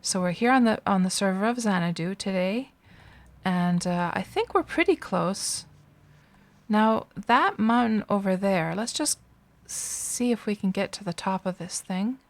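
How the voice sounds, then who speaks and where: A woman's voice: medium pitch, lively intonation, unhurried. A woman streaming a game live, chatting casually with viewers and reacting to the gameplay between replies, speaking into a desk microphone. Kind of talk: casual live-stream chat while playing.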